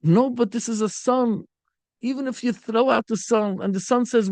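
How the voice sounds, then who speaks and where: A man's voice: extremely high pitch, normal speed, no room sound. A man, a rabbi, giving a Torah lecture, telling stories and acting out the people in them. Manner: animated storytelling, acts out quoted speakers.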